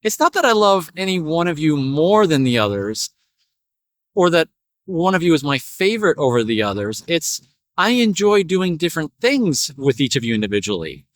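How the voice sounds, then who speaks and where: A man voicing a kind, tired farmer who speaks gently and reassuringly to his animals. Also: on the high side, very animated, moderate pace, no room sound, clean studio sound. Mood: tender.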